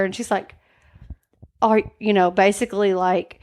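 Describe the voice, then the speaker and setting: A woman co-hosts a podcast and recounts a story in loose, casual chat. Her voice sits at an ordinary middle pitch. She fills her talk with "like" and briefly acts out the quoted lines. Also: flat delivery, normal speed, pauses often, darkish tone, clear, resonant tone. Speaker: podcast co-host. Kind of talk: casual true-crime chat.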